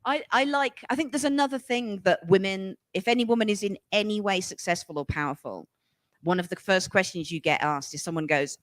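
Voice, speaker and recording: A woman's voice: medium pitch, fairly quick, dry recording. A woman from England in her forties, an author talking frankly in a casual conversation, acting out the voices of people she quotes. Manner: animated, acts out voices when quoting people; frank and emphatic, swears casually. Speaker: author and guest.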